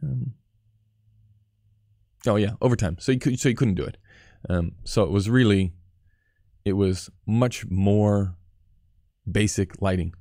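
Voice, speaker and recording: A man's voice: on the low side, unhurried, long pauses, dark tone, dry recording, clean studio sound. A man in his thirties, a cinematographer, talking candidly and profanely on a live stream, answering chat questions and picking apart his own work. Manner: candid, profane, self-critical. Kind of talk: casual live-stream talk.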